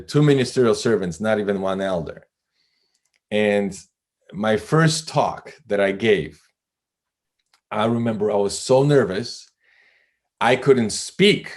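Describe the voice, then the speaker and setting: Low-voiced man telling a story. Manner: animated, self-deprecating, laughs often. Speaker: guest. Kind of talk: storytelling in a podcast interview.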